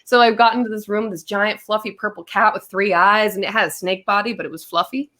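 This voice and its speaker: A woman in casual conversation as a podcast guest. She tells a long story at a medium pitch, and she keeps slipping into her own past lines with lifted, animated delivery. Her speech is loose and full of fillers. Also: fairly quick.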